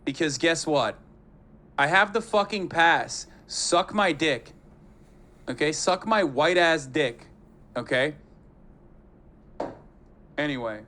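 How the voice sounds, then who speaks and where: A man with a high-pitched voice talks fast and loose on a live stream. He swears freely and keeps things animated as he reacts to clips. His delivery is casual and mocking. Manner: profane, animated, mocks voices.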